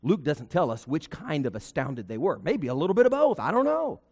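A man's voice: fairly high pitch, very animated, brisk, a little mellow, husky, in a large hall. A man preaching a sermon as pastor, with folksy humor and rhetorical questions.

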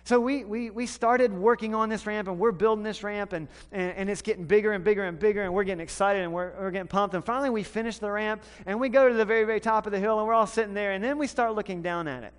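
A man from the American South preaching a sermon, telling a story with animated swings between loud and hushed delivery. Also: high-pitched, fast talker, few pauses, smooth. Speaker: pastor. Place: church sanctuary. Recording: long hall reverb.

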